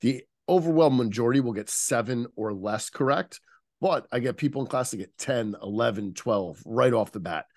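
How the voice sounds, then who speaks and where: A man's voice: mid-range voice, normal speed, dry recording, clean studio sound. A man as a podcast guest, explaining like an instructor and stopping to search for the right word. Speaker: interview guest, nonverbal communication instructor. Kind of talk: casual podcast interview.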